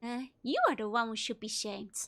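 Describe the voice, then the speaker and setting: A woman's voice: fairly high pitch, fairly even intonation, normal speed, fairly bright tone. A woman voicing a man who pretends to be a corpse and mock-haunts someone theatrically. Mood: mock-haunting.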